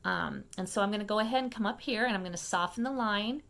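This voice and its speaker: A woman hosting a makeup tutorial, talking viewers through each step in a chatty, fast-paced way and often checking in with them. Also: mid-range voice, a bit bright. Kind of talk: casual step-by-step makeup demonstration.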